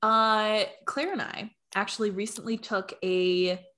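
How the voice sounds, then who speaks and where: A woman's voice: medium pitch, steady tone, a little slow, sharp tone. Chatty young woman podcast co-host. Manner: chatty, agreeable, frequent "like" fillers. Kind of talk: casual chat.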